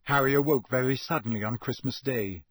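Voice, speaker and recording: A man reading a storybook aloud as an audiobook narrator, in a steady, even storytelling manner. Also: medium pitch, a little fast, breathy edge, dry recording. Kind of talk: scripted narration.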